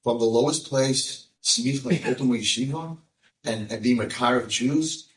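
Roomy, distant rabbi telling a story. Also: male voice, medium pitch, moderate pace. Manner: animated storyteller, swings from hushed to loud emphatic bursts. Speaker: rabbi and speaker. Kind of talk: storytelling talk to a live audience. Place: room with an audience. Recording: echoey room, voice from a distance.

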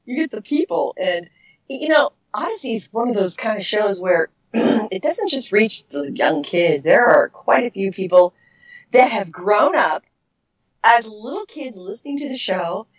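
Middle-aged woman, voice actress guest; chatty, laughs a lot, mid-range pitch, dull lo-fi recording. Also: lively intonation, measured pace. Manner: chatty, laughs often, searches for words. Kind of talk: casual interview chat.

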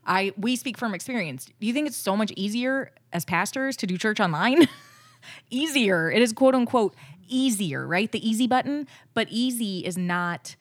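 A woman, a pastor and co-host, chatting in an animated, friendly way. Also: medium pitch, moderate pace, no echo. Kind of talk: casual podcast talk.

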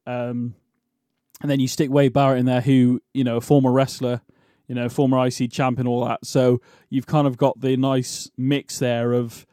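A man's voice: medium pitch, little pitch movement, normal speed, warm tone, no echo, clean studio sound. A man co-hosting a casual wrestling podcast, rambling and restarting as he talks. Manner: rambling, restarts and laughs a lot. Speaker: podcast co-host. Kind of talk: casual chat.

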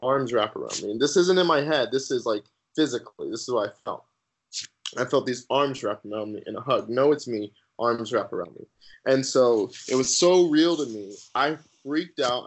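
A man guest on a podcast sharing his personal faith testimony in an earnest, halting way with many fillers. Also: mid-range voice, poor audio.

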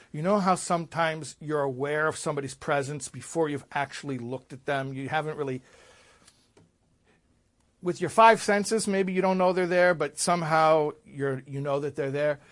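A man, a rabbi, telling a story in a sermon, swinging from loud emphasis to hushed asides. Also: on the high side.

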